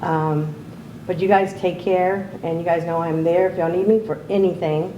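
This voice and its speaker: A woman's voice: lowish voice, steady tone, normal speed, dark tone, roomy sound, highs cut off, a little hiss or hum. A woman telling a casual story as an aunt speaking at a memorial gathering. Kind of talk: informal memorial tribute.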